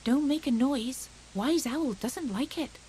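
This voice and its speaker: A woman voicing a kind, gentle female grey rabbit in a storybook reading. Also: sits high, slow pace, a little hiss or hum, pitched above the performer's own voice. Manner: soft and gentle.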